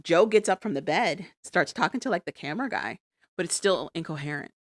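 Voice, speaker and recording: Woman recapping a show, lively storyteller. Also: fairly low pitch, a little fast, no room sound, clean studio sound. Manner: animated storytelling, acts out quotes. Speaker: podcast co-host. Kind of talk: casual recap chat.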